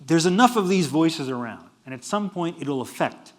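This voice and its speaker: A middle-aged man giving a humorous university lecture, animated and laughing at his own jokes. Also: a little high, moderate pace. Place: lecture hall.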